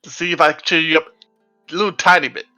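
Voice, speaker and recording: Bright higher-voiced male player. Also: steady tone, quick pace, faint music behind. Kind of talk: in-character role-play.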